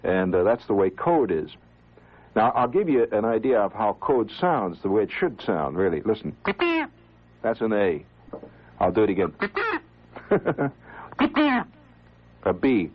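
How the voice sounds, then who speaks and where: A man with a somewhat low, husky voice talks informally to listeners, his pitch rising and falling in a lively way. He often starts his sentences over and chuckles between thoughts. The sound is dull and lo-fi, like an old broadcast tape. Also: normal speed. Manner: animated, with chuckles and frequent restarts. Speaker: amateur radio operator. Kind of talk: informal explanatory talk to listeners.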